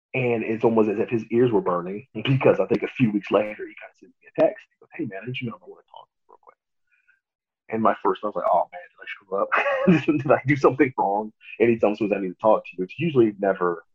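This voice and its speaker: A young man with a low, husky voice tells his story in a relaxed interview, laughing often and acting out what others said. The sound comes through a thin, phone-like line. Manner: animated, laughs often, acts out quotes. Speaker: pro wrestler guest.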